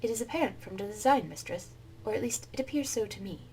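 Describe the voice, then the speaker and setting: A woman voicing a calm, formal male robot servant who speaks politely and deferentially. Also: medium pitch, fast, a little hiss or hum, lightly acted, rough recording. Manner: polite, formal, says "mistress". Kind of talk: game dialogue read-aloud.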